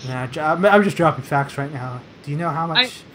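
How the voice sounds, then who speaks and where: A man's voice: a little high, lively intonation, a little fast, bright, forceful tone. A man in casual chat, rambling and playfully quizzing the other person with trivia facts. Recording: noisy background hiss.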